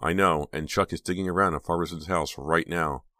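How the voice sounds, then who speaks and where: A man voicing a frightened teenage girl who speaks in a shrill, trembling, stammering way. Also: steady tone, brisk, pushed and bright, dry recording, clean studio sound. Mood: anxious.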